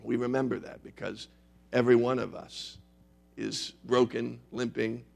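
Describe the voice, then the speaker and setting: A man's voice: medium pitch, flat delivery, unhurried, creaky, a little mellow, faint music behind. A male pastor preaching a sermon in a conversational, emphatic way with wry humor.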